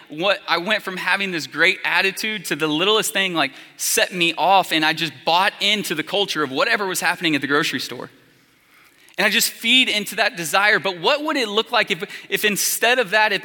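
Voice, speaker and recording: Chatty high-voiced pastor in a reverberant hall. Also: male voice, sharp tone. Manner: conversational storytelling with many fillers. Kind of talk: sermon. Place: church hall.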